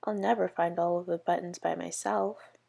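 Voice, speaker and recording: A woman's voice: on the low side, fairly even intonation, moderate pace, creaky, warm tone. Woman reading as an eager young girl.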